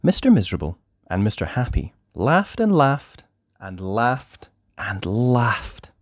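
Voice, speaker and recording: A storyteller reading a children's picture book aloud in an expressive, sing-song way. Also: mid-range voice, slow pace, no echo, studio quality.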